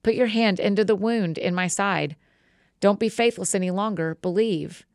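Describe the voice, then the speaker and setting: A woman reading the words of Jesus as a gentle, calm male teacher in a measured way. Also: mid-range voice, dry recording, studio quality, natural voice.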